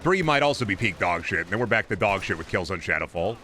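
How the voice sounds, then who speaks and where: A man's voice: low-pitched, lively intonation, quick pace, noisy background. A man streaming a shooter game, talking to his chat in a profane, blunt and mocking way. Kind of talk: casual game commentary to chat.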